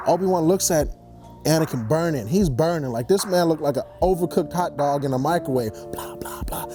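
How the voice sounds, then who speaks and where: A young man telling a movie story as a comedic rant, slangy and animated, slipping into quick character voices. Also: a little high, soft background music. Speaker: comedy vlogger.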